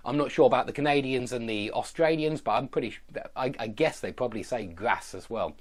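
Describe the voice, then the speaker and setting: A man with a Southern English accent teaching pronunciation, drilling word lists with slow, exaggerated enunciation and checking in with "yeah?" and "okay?". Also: mid-range voice, lively intonation. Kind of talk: online pronunciation lesson.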